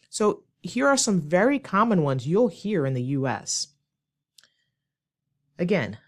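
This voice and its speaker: A woman English teacher, giving a clear, demonstrative lesson and acting out short example lines. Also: low voice. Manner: slow, clear, demonstrative delivery with acted examples. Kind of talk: scripted ESL lesson.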